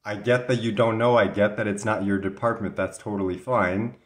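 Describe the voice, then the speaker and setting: A man's voice: on the low side, fairly even intonation, brisk. A man from Canada telling a story to the camera in a casual, rambling way, sometimes indignant, with an occasional cough. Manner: chatty, rambling, mildly indignant. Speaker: vlogger. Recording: echoey room sound.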